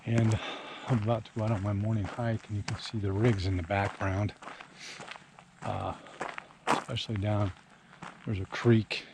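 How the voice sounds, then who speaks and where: Filmed on a handheld camera while walking, an older RV travel vlogger rambles through a casual morning hike on a mountain campground hillside. He's a little short of breath and pauses a lot, speaking on the low side with little movement in pitch. Outdoor wind and ambient noise run through the recording.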